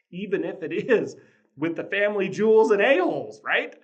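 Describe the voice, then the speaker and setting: A man hosting a casual motivational talk on parenting, telling a family story in an earnest way with chuckles and frequent restarts. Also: a little high. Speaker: podcast host, father.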